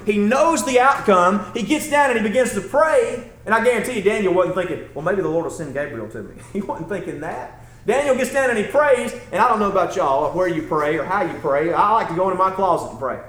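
A man's voice: high voice, animated, fairly quick, fairly bright tone, echoey room. A man preaching a sermon as a church elder, talking in a folksy, conversational way that builds to emphatic passages.

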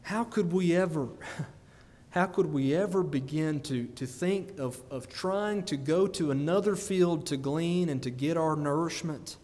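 A man preaching a sermon, animated and often breaking into laughter between emphatic peaks. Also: fairly high pitch, unhurried. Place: church sanctuary. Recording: long church reverb.

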